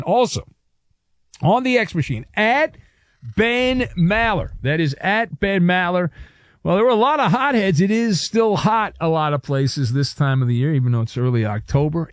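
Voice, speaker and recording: A man's voice: fairly high pitch, expressive, moderate pace, no echo. A man hosting a sports talk radio show, ranting sarcastically in a monologue on a studio microphone. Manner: sarcastic, mock-outraged ranting.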